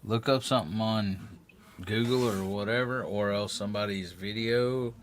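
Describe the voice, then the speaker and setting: A man hosting a live stream, chatting casually, plain-spoken and quick to joke and laugh. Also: lowish voice, slight background noise. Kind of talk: casual chat.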